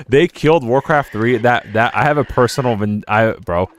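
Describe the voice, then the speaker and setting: Rambling casually as he streams a game, a young man laughs a lot and slips into goofy quoted voices now and then. His voice sits in the mid-range, and he talks at a moderate pace.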